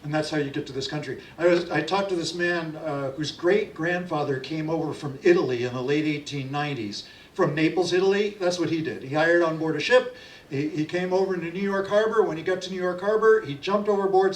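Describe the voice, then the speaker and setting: A man's voice: fairly high pitch, a little hiss or hum. A middle-aged man telling stories and leading an audience sing-along at a library event, chatty and folksy. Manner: chatty and folksy, leads call-and-response singing. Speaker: folk singer and storyteller. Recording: roomy sound from a distant mic.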